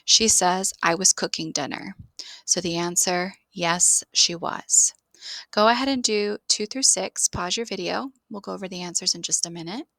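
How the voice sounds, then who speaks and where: A woman's voice: medium pitch, normal speed, vocal fry, sharp tone, no room sound. A woman teaching an online English grammar lesson, explaining steadily and spelling words out letter by letter.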